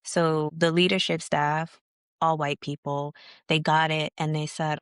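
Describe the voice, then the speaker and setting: Low-voiced, frank woman guest. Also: flat delivery, measured pace, clear, resonant tone, dry recording, clean studio sound. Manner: frank and casual, with slang and mild swearing. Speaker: podcast guest, founder of a leadership organization. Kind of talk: candid conversational storytelling.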